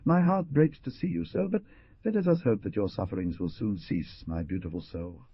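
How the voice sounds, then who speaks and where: A man's voice: on the low side, moderate pace, breathy edge, lo-fi sound. A man voicing a gloomy, persistent old peasant woman in a storybook reading, pleading and gossipy in her talk.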